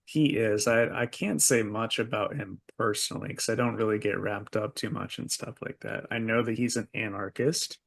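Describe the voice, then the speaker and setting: Man, gravelly voice, podcast co-host, casual chat, easygoing. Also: lowish voice, steady tone, moderate pace, hardly any pauses, fairly bright tone.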